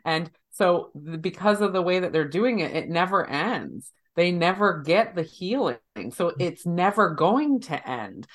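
A woman's voice: on the low side, animated, measured pace, hardly any pauses. Woman, casual chat, reflective, acts out quotes. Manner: reflective, quotes others in playful voices.

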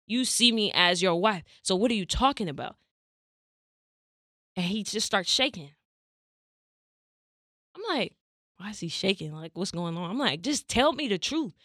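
A woman's voice: mid-range voice, normal speed, pauses often, dry recording, clean studio sound. A young adult woman from California, hosting a podcast and telling a personal story in casual chat, acting out the dialogue. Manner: animated, acts out quoted dialogue. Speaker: podcast host.

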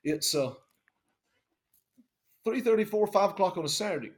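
A man in a band telling a tour story in a casual, animated, profane way, acting out the people he quotes. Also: high voice, normal speed, roomy sound.

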